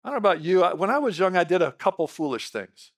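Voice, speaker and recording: A middle-aged male pastor preaching a lively sermon, bantering with the congregation and asking them questions. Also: sits high. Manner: lively, talks with the congregation, quick asides.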